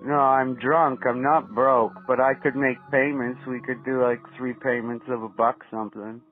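Prank caller, male, mid-pitched, mocking and foul-mouthed, tinny phone sound. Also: flat delivery, moderate pace. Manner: mocking, profane, taunting. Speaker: prank caller baiting scammers. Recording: tinny phone line, faint music.

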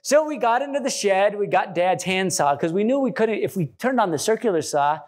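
A man pastor delivering a sermon in a church, animated and joking, acting out quotes. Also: high-pitched, a little fast. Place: church sanctuary.

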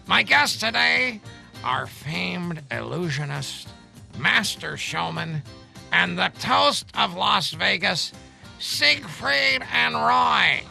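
A crude, cackling older woman talk-show host, put on by a man, her voice deeply gravelly and smoky. She drawls slowly and swings her pitch all over, calling everyone honey. Music plays behind her. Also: very animated, bright, forceful tone, exaggerated voice. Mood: brassy. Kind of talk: comedy radio sketch.

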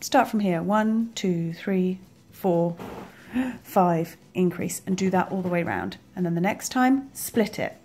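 A woman with a warm, mid-range voice hosts a crochet tutorial in a casual, chatty way. She counts stitches aloud and keeps asking whether it all makes sense.

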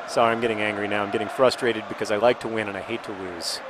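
A man casually commenting while playing a video game, rambling and restarting sentences, with sudden excited outbursts. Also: on the low side, quick pace, few pauses, a little hiss or hum. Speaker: video host.

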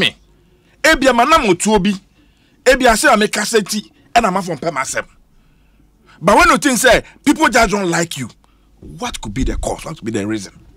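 A Ghanaian-accented man argues on a radio panel in a high voice that swings widely up and down. He speaks emphatically and moves between English and Twi. The sound is dry and close, with little room echo. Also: a bit bright. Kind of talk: heated radio panel discussion. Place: radio studio.

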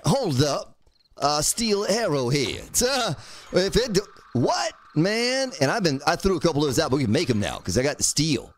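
A man's voice: on the high side, big pitch swings, moderate pace. A man casually commenting on his own gameplay on a live stream, talking to himself, swearing lightly, and thanking viewers by name. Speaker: game streamer.

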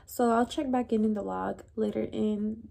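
Upbeat young woman with a creaky voice. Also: fairly high pitch, steady tone, moderate pace, mellow. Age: young adult. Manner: upbeat and chatty. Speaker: vlogger. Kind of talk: casual vlog to camera.

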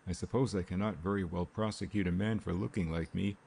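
A man reading the lines of a cheerful, easygoing young gentleman in a light, breezy manner. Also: low-pitched, fairly even intonation, a little fast, vocal fry, breathy edge, exaggerated voice.

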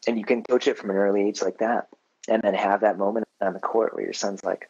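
A man hosting a podcast, telling a story in a relaxed, casual way full of fillers. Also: fairly low pitch, brisk, slightly rough, no echo, highs cut off. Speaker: podcast host. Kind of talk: casual interview chat.

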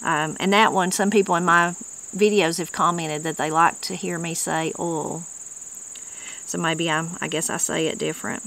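A woman's voice: on the low side, steady tone, normal speed, creaky, fairly bright tone, a little hiss or hum, rough recording. A woman with an Appalachian accent, hosting and explaining regional words in a folksy, conversational way, now and then reading dictionary entries aloud. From Appalachia, western North Carolina. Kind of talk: casual explanatory talk.

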